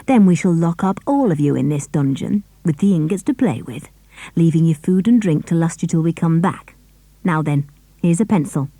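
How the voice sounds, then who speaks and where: A brisk henchman lays out his scheme matter-of-factly, as a woman reads him. The voice is mellow and low. The audiobook sound is dry. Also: expressive, no echo. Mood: scheming. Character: second grown man villain, brisk and scheming. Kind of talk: audiobook character reading.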